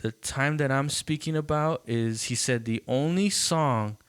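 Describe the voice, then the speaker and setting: Animated man telling stories, dry sound. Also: mid-range voice, a little slow, clean tone, no room sound. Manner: animated storytelling, acts out quotes, swears freely. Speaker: podcast host. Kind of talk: casual chat.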